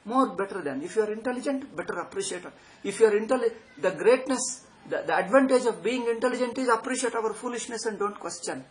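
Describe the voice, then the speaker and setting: A man's voice: sits high, lively intonation, fast, poor audio. A man giving a spiritual lecture, sarcastic and emphatic, often repeating his phrases. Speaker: Vedanta teacher.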